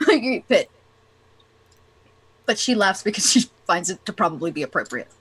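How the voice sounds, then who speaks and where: A woman's voice: medium pitch, big pitch swings, measured pace, a bit bright, breathy edge. A woman in a tabletop role-playing game, describing her character's actions and speaking in character with a giggly, earnest manner. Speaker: player.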